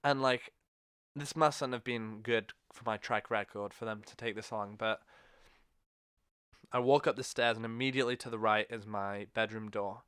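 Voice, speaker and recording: A man's voice: fairly low pitch, fairly even intonation, moderate pace, a bit bright, smooth, no echo, clean studio sound. A man hosting a podcast, telling a long story in a rambling, self-correcting way. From England. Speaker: podcast host. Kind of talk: casual chat.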